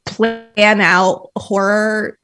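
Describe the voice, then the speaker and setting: A woman in casual podcast chat, animated and giggly, with many fillers. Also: mid-range voice, drawn-out words, soft background music.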